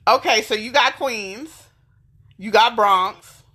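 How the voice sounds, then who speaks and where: A woman's voice: a little high, takes it slowly, bright, forceful tone, breathy edge. A woman with a New York accent hosting a casual chat, emphatic and laughing often. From New York City. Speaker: host.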